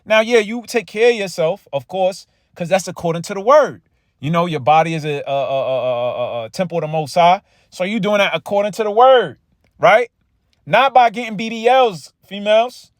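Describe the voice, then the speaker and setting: A man with a high voice delivers a casual sermon, reading scripture lines slowly and with weight, then talking them through. His speech is loose and stumbling, full of "all right" and repeated words. The sound is close and dry, with no room around it. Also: animated, no room sound. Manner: reads scripture slowly and with emphasis. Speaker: preacher.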